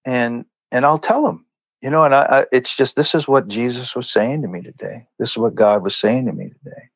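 A man's voice: medium pitch, brisk, slightly rough, dry recording, highs cut off. A man speaking as a guest in an earnest, conversational way, telling stories and acting out what others said. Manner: earnest, conversational, acts out quoted lines. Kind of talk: storytelling in a faith interview.

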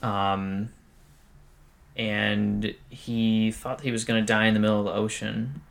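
A man's voice: on the low side, level tone, unhurried, gravelly, a bit bright. A man co-hosting a podcast, telling a survival story in a loose, chatty way, swearing freely and laughing often. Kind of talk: casual storytelling chat.

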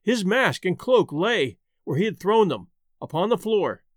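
A man reads a gothic tale aloud in a high, highly expressive voice that rises and falls freely. He keeps a measured pace and slows down to weigh key phrases. The sound is dry and close. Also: no echo. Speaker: narrator. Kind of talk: dramatic reading of a gothic tale.

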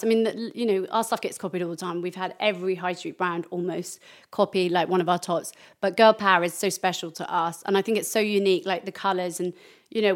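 A woman, a podcast guest and company co-founder, telling a story in an animated, chatty way. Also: on the low side. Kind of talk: conversational interview answer.

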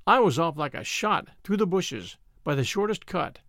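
A man's voice: high-pitched, sing-song, moderate pace, fairly bright tone, no room sound, studio quality. A man narrating an audiobook with wry, dryly humorous storytelling. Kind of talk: scripted narration.

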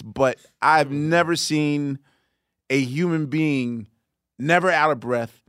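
A man's voice: on the high side, animated, normal speed, a bit bright, smooth, dry recording. A man hosting an interview podcast, talking enthusiastically and reflectively, with rambling asides. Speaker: podcast host. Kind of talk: conversational interview.

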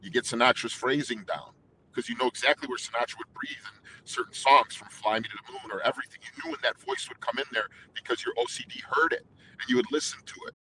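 A man's voice: mid-range voice, sing-song, pushed and bright, a little hiss or hum, low-quality recording. A middle-aged man, a singer, telling stories as a guest in an interview, talking intensely and emphatically. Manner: intense, emphatic, fast-flowing. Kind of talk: casual interview storytelling.

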